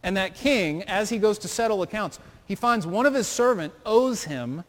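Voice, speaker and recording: A man's voice: sits high, expressive, normal speed. A man preaching a sermon with an earnest, questioning preacher's cadence, recorded in a church sanctuary. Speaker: pastor. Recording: long hall reverb.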